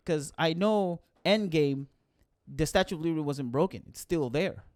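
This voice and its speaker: A man co-hosting a casual podcast chat, rambling and animated as he recounts scenes. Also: a little high, moderate pace, no echo, studio quality. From Philippines. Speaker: podcast co-host.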